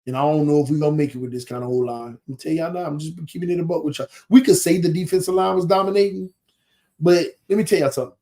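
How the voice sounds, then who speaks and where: A man's voice: a little high, fast talker, warm tone. A man hosting a casual sports podcast, breaking down plays in an emphatic, colloquial way and repeating points for effect.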